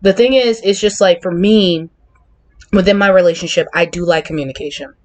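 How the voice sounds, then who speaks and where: A woman's voice: fairly low pitch, brisk, a little mellow. A woman hosting a casual conversation, candid and opinionated, talking in a chatty, open way. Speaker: podcast host.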